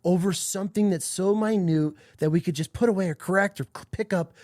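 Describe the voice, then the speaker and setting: A man's voice: sits high, a little fast, darkish tone, dry recording, clean studio sound. A man in his thirties hosting a podcast, telling a personal story in a rambling, emotional way and swearing often. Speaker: podcast host. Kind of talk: candid personal podcast talk.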